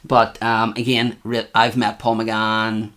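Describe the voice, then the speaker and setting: Lively low-voiced man. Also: slow pace. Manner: animated storytelling, acts out quotes. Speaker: podcast co-host. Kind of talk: casual chat.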